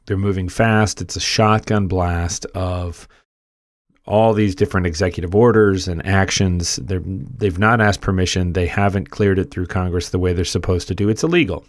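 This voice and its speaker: A man's voice: low voice, fairly even intonation, moderate pace, no room sound, studio quality. A man hosting a political commentary video, conversational and repeating words for emphasis. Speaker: commentary channel host.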